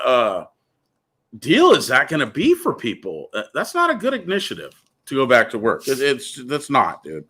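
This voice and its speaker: A man's voice: medium pitch, huge pitch swings, normal speed, pushed and bright, breathy edge. A man hosting a casual talk show, speaking bluntly and ranting, often calling the listener "dude.". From California. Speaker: podcast host.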